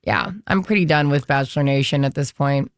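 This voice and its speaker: A woman co-hosting an entertainment radio show, chatting casually and quoting celebrities in lively bursts. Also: very deep voice, fairly quick, dry recording, clean studio sound.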